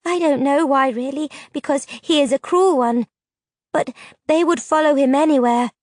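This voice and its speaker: A woman's voice: high voice, moderate pace, darkish tone, no echo, studio quality, pitched above the performer's own voice, natural voice. Woman doing a trembling creature mother. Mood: fearful. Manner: trembling, earnest, formal speech. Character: anxious grass-covered creature mother, fearful.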